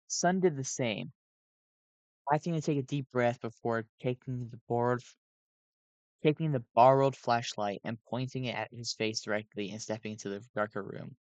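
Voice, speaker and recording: A man's voice: medium pitch, no room sound. A sleep-deprived man reading a fan story aloud on a cheap home mic, often stumbling and correcting himself. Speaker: fan reader. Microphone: cheap home microphone.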